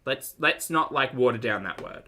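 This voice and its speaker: A man's voice: medium pitch, expressive, moderate pace, creaky, pushed and bright, a little hiss or hum. A man with an Australian accent doing reaction commentary, reading passages aloud and adding dry, wry asides.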